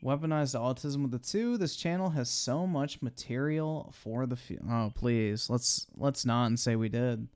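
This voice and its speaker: A man's voice: mid-range voice, a little slow, few pauses, darkish tone, smooth. A young man giving blunt, profane live-stream commentary while he watches videos.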